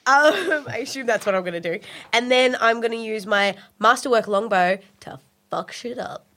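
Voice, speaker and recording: A woman playing a tabletop game with friends, chatting casually and getting excited. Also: fairly high pitch, moderate pace. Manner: excitable, swings up into squeals.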